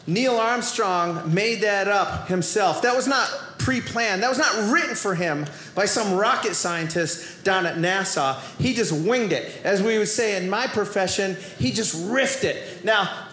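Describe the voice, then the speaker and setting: Boston man, stand-up comic, very high voice, roomy live stage sound, playful shouty delivery. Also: a little slow, few pauses. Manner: animated, playful delivery with shouted asides and sudden quiet drops. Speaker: stand-up comedian. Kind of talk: stand-up comedy routine. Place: comedy club stage before a live audience.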